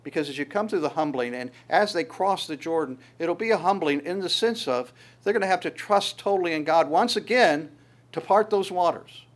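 Man preaching, halting and conversational. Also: a little high, animated. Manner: conversational, with halting restarts and acted-out quotes. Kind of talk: sermon.

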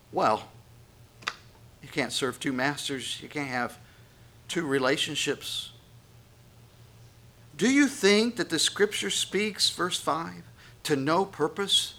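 A man pastor preaching a sermon, reading scripture and swinging from quiet, intimate passages to loud, raised appeals. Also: fairly high pitch, takes it slowly, long pauses.

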